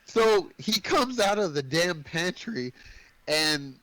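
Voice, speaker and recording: A man co-hosting a podcast, casually retelling a film's plot in a rambling, animated way, full of filler words. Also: a little high, takes it slowly, no echo, low-quality recording. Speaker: podcast co-host. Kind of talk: casual movie recap chat.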